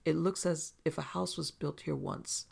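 A man's voice: on the high side, steady tone, moderate pace, gravelly, slightly rough, full character voice. A man voicing a curious, educated outsider who asks questions in plain standard speech.

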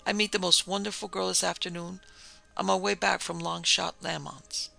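A man's voice: high voice, flat delivery, normal speed, vocal fry, sharp tone, faint music behind, pitched above the performer's own voice, heavily acted, low-quality recording. A man voicing a lovesick male zombie gangster who talks earnestly in formal phrases without contractions. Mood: dreamy.

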